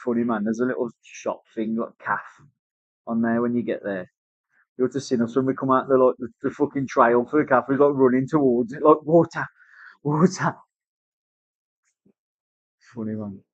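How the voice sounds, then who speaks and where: A man's voice: mid-range voice, fairly even intonation, brisk, dry recording. A man with a British accent telling a casual story, swearing often and acting out other people's voices. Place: tattoo studio. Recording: dry, slightly dull sound.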